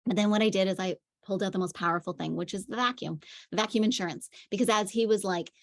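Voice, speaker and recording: Speaking fast in a mid-range voice, this parenting coach teaches through chatty stories. Fillers crop up constantly as she talks.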